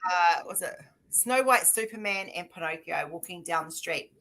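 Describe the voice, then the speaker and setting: A woman's voice: fairly low pitch, normal speed, bright, forceful tone, rough recording. An Australian woman hosting a live art stream, chatting casually and telling rambling stories with plenty of laughter. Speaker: live stream host and artist. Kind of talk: casual chat.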